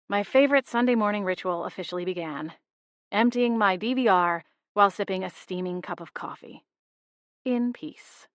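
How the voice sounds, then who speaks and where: A woman's voice: mid-range voice, pushed and bright, no room sound. A woman narrating a humorous cozy mystery audiobook in first person, with a wry, lightly humorous delivery.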